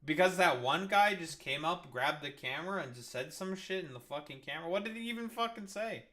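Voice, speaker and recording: A man's voice: fairly high pitch, animated, brisk, sharp tone. A man ranting over news clips, angry, profane and sarcastic. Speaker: streamer reacting to news clips.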